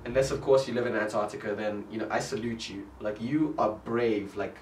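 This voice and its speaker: A man's voice: lowish voice, fairly even intonation, brisk, a little mellow, slight background noise. Joking young man, roomy. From South Africa. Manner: joking, rambling, full of "like". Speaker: vlogger. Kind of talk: comedic vlog rant. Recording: roomy sound from a distance. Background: faint music.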